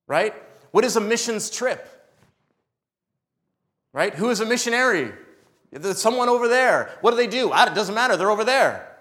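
A man preaching a sermon as a missionary, animated and joking, acting out voices in his stories. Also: high-pitched, normal speed, pauses often.

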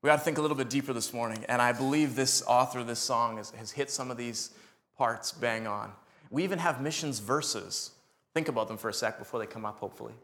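A man preaching a sermon as a missionary, animated and joking, acting out voices in his stories. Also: medium pitch, fast talker.

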